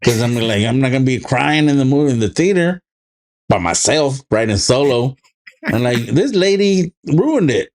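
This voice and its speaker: A man with a mid-range voice co-hosts a casual podcast. He talks in a loose, laid-back way, swears freely and bursts into animated voices when quoting. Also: mid-range voice, normal speed. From immigrated to the United States as a child. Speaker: podcast co-host. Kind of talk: casual chat.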